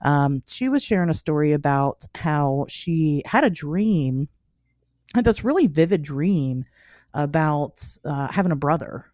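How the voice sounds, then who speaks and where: A woman in her thirties hosts a chatty podcast. Her voice sits low but swings widely in pitch as she tells stories. She laughs often and scatters "like" through her talk, and the sound is close and dry. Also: a little slow, no echo. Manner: animated, laughing often, many "like" fillers. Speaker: podcast host. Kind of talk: casual storytelling chat.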